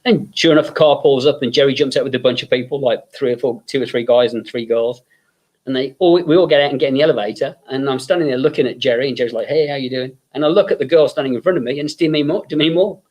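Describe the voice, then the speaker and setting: A man's voice: mid-range voice, quick pace, a little mellow. An English man, a guest makeup effects artist, telling long rambling anecdotes full of fillers and acted-out quotes.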